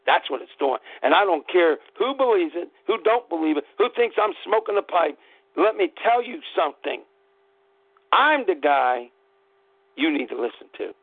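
A man's voice: high-pitched, big pitch swings, moderate pace, gravelly, breathy edge, no room sound. A man hosting an internet radio show, delivering a fired-up, profane political rant in angry bursts. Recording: tinny phone-line audio, dry.

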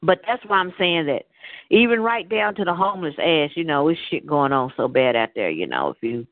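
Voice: medium pitch, dry recording. Blunt cussing radio host telling stories, sounds like a thin phone line, dead dry. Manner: blunt, profane, storytelling. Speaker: internet radio call-in show host. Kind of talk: casual rambling monologue. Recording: dry, phone-like narrowband audio.

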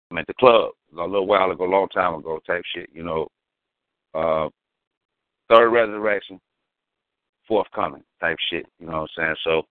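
A low-voiced man tells a rambling, profane anecdote thick with slang and mystical asides. The audio is narrow and phone-like, and it sounds completely dry, with no echo. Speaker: storyteller guest. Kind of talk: casual storytelling.

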